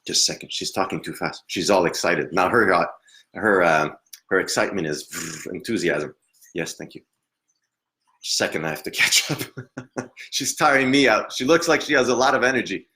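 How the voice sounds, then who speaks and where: Low-voiced man giving a halting reading. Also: expressive, bright, forceful tone. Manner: hesitant, halting, often laughs. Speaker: psychic medium. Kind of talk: live reading.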